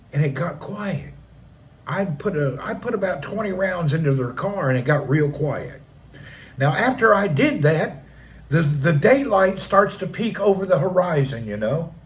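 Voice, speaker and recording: A middle-aged man tells a story on his own live stream, his voice sitting noticeably high for a man. He narrates in an animated way and punches up the action with vocal sound effects. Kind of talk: dramatic personal storytelling.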